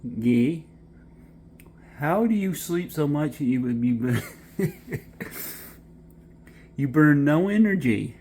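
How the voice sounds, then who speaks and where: A man's voice: fairly high pitch, lively intonation, drawn-out words, long pauses, mellow, slight background noise. A man in his apartment talking to his cat in affectionate, teasing baby talk. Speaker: cat owner filming his pet. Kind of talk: casual pet vlog chat. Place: indoors in an apartment.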